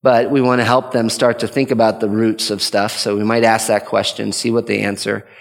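A man's voice: lowish voice, flat delivery, fairly quick, vocal fry, big-room sound. A man giving an earnest, conversational teaching talk on parenting as a father, often restarting his sentences. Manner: earnest, rambling with frequent restarts.

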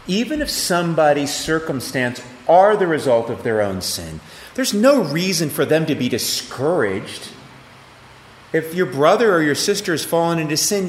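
A middle-aged pastor preaches to a class in a lively, conversational way, his pitch rising and falling freely as he asks questions of the room. His voice sits a little high for a man. It rings with the long echo of a hall. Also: a little hiss or hum. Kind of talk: interactive sermon teaching. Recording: echoey hall, faint ambience.

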